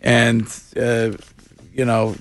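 A man's voice: mid-range voice, completely flat delivery, drawn-out words, a little hiss or hum. A man hosting a radio talk show, rambling casually into a close studio mic. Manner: rambling, restarts and laughs.

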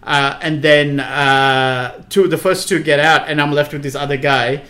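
A man's voice: a little high, fairly even intonation, measured pace, sharp tone. A man telling a story in a casual podcast chat, swearing freely and laughing hard at his own tale. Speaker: podcast co-host.

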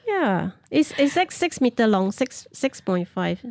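A woman's voice: on the high side, very animated, a little slow, creaky, a little mellow, no room sound. Frank, self-mocking middle-aged woman. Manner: frank, self-deprecating, laughs easily. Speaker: guest traveller. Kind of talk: casual storytelling.

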